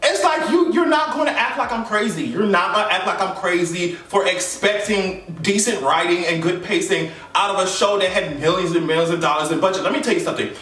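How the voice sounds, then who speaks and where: A man's voice: high-pitched, fairly quick, hardly any pauses, a bit bright, distant mic. A man delivering a heated, emphatic and profane fan rant as a vlogger. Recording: echoey room, voice off mic.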